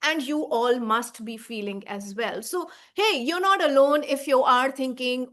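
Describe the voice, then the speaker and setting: A woman's voice: high voice, a little slow, few pauses, fairly bright tone. A woman in her thirties, a baby sleep coach, giving a heartfelt talk to mothers, earnest and reassuring, often checking in with "right?" and "okay?". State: emotional, tearing up.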